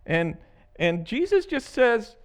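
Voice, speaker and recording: A man preaching a sermon as a pastor, animated and laughing often as he acts out the story. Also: extremely high pitch, takes it slowly.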